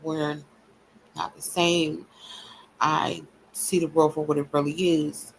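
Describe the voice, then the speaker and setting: Woman streamer, confrontational profane monologue, a vocal-fry edge to her voice. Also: low-pitched, flat delivery, takes it slowly, a little hiss or hum, low-quality recording. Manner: repetitive, taunting cadence. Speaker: livestream host. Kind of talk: ranting livestream monologue.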